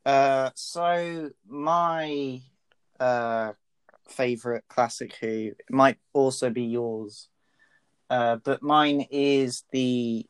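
A man's voice: mid-range voice, steady tone, drawn-out words, smooth, dry recording. A man co-hosting a casual podcast chat, talking hesitantly with many fillers. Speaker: podcast co-host.

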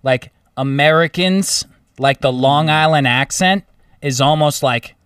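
A man's voice: a little high, measured pace, fairly bright tone, clear, resonant tone, dry recording, clean studio sound, distant mic. A man co-hosting a podcast in casual chat, with an easygoing, rambling way of talking that is full of swearing. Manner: easygoing, rambling, swearing, breaks into short laughs. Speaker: podcast co-host.

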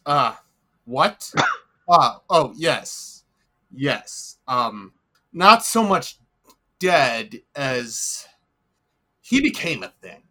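A man playing a tabletop game, talking in a halting way with lots of fillers. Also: mid-range voice, very animated, pushed and bright. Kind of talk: casual actual-play chat.

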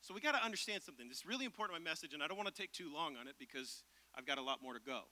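Male pastor, high bright voice, energetic storytelling sermon, punchy loud peaks. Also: racing.

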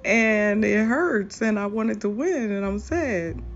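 A woman hosting a podcast, speaking in a slow, earnest, confessional monologue. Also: medium pitch, lively intonation, slight background noise. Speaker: podcast host. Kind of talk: personal reflective monologue. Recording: dull lo-fi recording with faint music.

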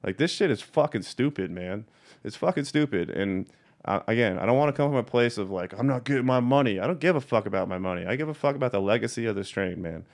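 A man's voice: on the low side, lively intonation, quick pace, vocal fry. A young adult man who breeds cannabis, giving a blunt, profane and heated rant in a casual video monologue, repeating his points for emphasis.

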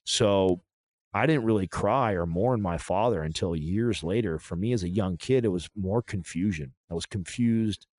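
A man talking through a painful personal story in a halting, emotional way, often restarting his sentences. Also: low-pitched, a little mellow, no room sound. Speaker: podcast guest.

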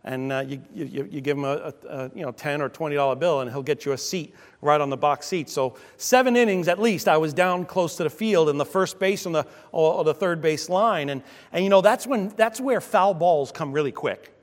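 A pastor preaching a sermon in an animated way, with sudden loud exclamations. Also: male voice, a little high, brisk, hardly any pauses. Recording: long church reverb.

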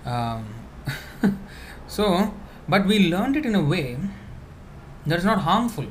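A man giving a conversational spiritual talk, answering questions with many fillers and restarts, now and then laughing softly. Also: sits high, sing-song, slow pace, a little hiss or hum.

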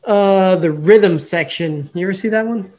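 A man co-hosting a podcast in casual chat, relaxed and hesitant, with many ums. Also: sits high, moderate pace. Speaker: podcast co-host.

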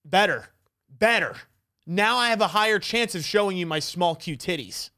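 A young man in casual crude banter, arguing his point and laughing loudly. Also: high voice, moderate pace.

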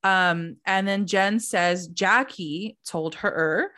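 A woman's voice: on the low side, extremely slow. A woman co-hosting a pop culture podcast, casually recapping a reality show episode and acting out what the cast said. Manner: animated storytelling, acting out quotes, lots of "like". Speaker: podcast co-host.

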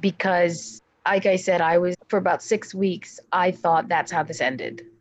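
Husky woman sharing her faith story. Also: lowish voice, fairly even intonation, measured pace. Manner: earnest, acts out her prayers in raised voice. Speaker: interview guest. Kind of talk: emotional personal testimony.

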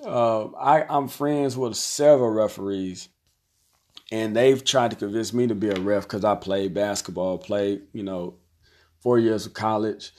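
A man's voice: on the low side, unhurried, a little mellow. Conversational man talking basketball. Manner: conversational, repeats phrases, acts out quoted voices. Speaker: basketball coach and commentator. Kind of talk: casual talk to camera, reviewing an article.

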